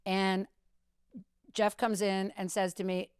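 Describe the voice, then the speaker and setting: Woman, fifties, veteran radio host, mid-pitch, dry close sound, lively storyteller who acts out quotes. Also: takes it slowly, smooth, no room sound. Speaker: radio host as podcast guest. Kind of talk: casual storytelling chat.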